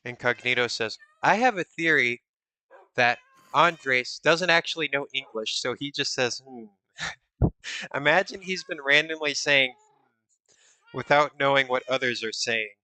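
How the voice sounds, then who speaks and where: A man streams himself building in a game, muttering block counts and reading chat aloud. His voice is very bright and sits dry and close on the mic. He teases viewers with playful mock suspicion. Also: mid-range voice, a little slow, dry recording. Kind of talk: casual live-stream chat while playing.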